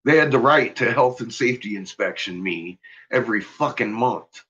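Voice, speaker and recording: A man's voice: mid-range voice, lively intonation, moderate pace, fairly bright tone, highs cut off. A man casually telling a personal story, swearing freely and laughing often as he talks.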